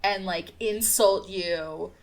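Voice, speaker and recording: A woman's voice: medium pitch, slow pace, rough recording. A young adult woman co-hosting a podcast, casual and sarcastic, with frank and salty commentary. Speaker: podcast co-host. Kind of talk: casual chat.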